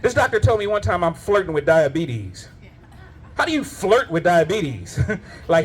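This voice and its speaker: Animated, high-voiced male stand-up comic. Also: normal speed, a little hiss or hum. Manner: loose, profane storytelling with many asides. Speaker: stand-up comedian. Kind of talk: stand-up comedy set. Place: live comedy show at a winery.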